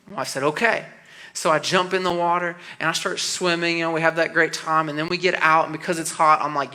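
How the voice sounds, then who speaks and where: A man in his thirties preaching a youth sermon, telling a story with animated energy and then dropping into soft, earnest appeals. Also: fairly high pitch, brisk. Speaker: youth pastor.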